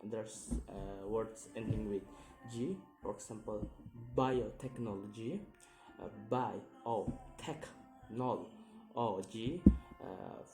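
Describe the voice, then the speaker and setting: A man whose first language is Indonesian explains word stress in an English pronunciation lecture, stopping and restarting often and repeating each example word slowly. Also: fairly low pitch, steady tone, creaky, roomy sound, music in the background, low-quality recording. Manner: slow, stops and restarts, says example words twice.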